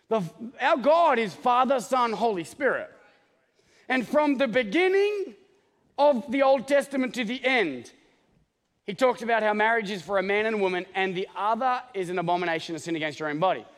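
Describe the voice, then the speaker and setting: A man preaching a sermon as pastor, joking and animated, often checking in with the congregation with "okay?". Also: sits high, moderate pace, in a large hall. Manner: joking, animated, talks straight to the congregation with many "okay?" asides.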